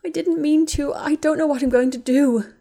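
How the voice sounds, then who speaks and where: A woman reading a story aloud, voicing a distraught young woman who is sobbing and panicked, in a high, loud, breathless voice. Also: fairly even intonation, normal speed. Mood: desperate.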